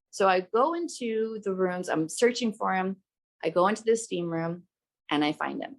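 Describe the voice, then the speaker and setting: A woman's voice: mid-range voice, expressive, moderate pace, creaky. A young adult woman hosting a podcast, telling a story in an emphatic, heated way and swearing freely. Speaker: podcast host.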